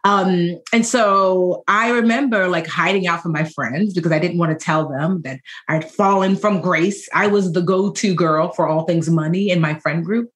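A woman in her forties, a financial educator and podcast guest, telling stories in a lively, joking way. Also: fairly low pitch, normal speed, hardly any pauses. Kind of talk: conversational podcast interview.

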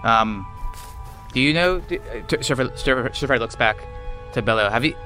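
A man's voice: mid-range voice, animated, normal speed, sharp tone, faint music behind. A man doing a stammering nervous juggler. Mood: flustered. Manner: stammering, apologetic. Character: nervous rambling male juggler.

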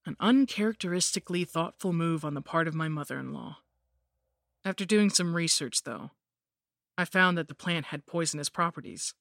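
A woman reads a horror story in the first person, with a measured, grim pace. Her voice is bright and sits close to the mic in a dry room. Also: sits low, expressive, gravelly, no echo. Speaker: narrator. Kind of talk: scripted horror narration.

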